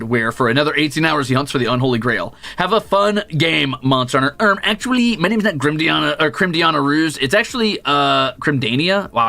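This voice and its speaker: A young man talks through a gaming stream, his voice gravelly and bright-edged. He tells stories in an animated, jokey way, swearing freely and swinging his pitch all over. Faint music plays under him. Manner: animated storyteller, jumps into high squeaky voices when quoting. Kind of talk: casual chat while gaming.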